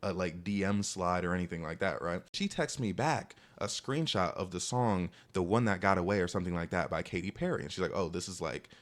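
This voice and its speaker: Young guy rambling a storytime fast, lowish voice, like like like everywhere. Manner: rambling, packed with "like" and "you know" fillers; animated, pitch jumps up on asides. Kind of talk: casual storytime narration.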